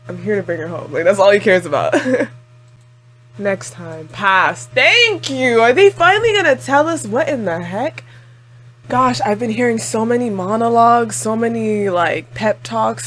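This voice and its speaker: A woman chatting through a casual anime reaction video, talking expressively with lots of "like" and frequent laughs. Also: on the high side. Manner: chatty and expressive, heavy use of "like"; laughs often, exclaims at the screen.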